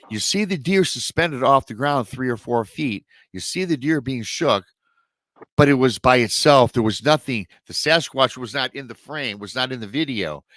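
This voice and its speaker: A man hosting a podcast, retelling a story in an animated, excitable way. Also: medium pitch, no room sound. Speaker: podcast host. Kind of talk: casual chat.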